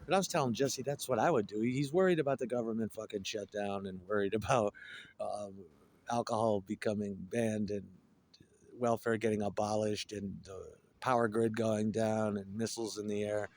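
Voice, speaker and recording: A man's voice: on the low side, fairly even intonation, moderate pace, a little mellow. A man telling profane, digressive stories in a casual rambling monologue, with a wry, joking manner. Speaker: storyteller.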